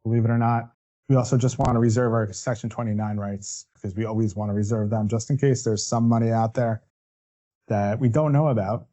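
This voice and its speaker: Man presenting a legal webinar, mellow tone. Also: fairly low pitch. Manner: explanatory, walks through steps with "right?" asides. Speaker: workers' compensation defense attorney.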